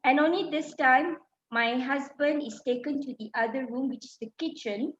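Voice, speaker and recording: High-voiced woman from Malaysia, lo-fi. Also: normal speed. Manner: emotional, many fillers and restarts. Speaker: speaker. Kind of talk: personal testimony talk. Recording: dull lo-fi sound.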